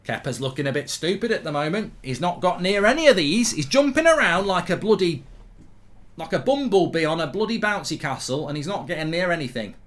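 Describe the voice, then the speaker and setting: Guy hosting a football watchalong, gets worked up and rants, bit of a higher voice. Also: brisk. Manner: excitable, swears casually, rants in bursts. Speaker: host of a live football watchalong stream. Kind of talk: live watchalong commentary.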